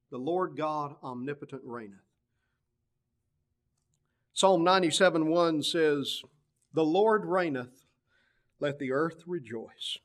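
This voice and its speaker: A man preaching a sermon, quoting King James scripture and swinging from loud climbs to low quiet drops. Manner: preaching cadence, swelling louder and dropping low on scripture.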